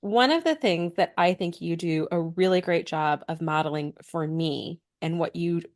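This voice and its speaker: A woman's voice: lowish voice, moderate pace. A woman co-hosting a podcast in casual conversation, talking earnestly in long flowing stretches. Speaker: podcast co-host.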